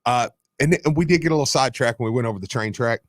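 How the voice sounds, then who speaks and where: A man's voice: mid-range voice, racing, noisy background. A man co-hosting a sports radio show, telling a story with lots of laughter. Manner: animated storyteller, laughs often. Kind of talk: casual sports radio chat.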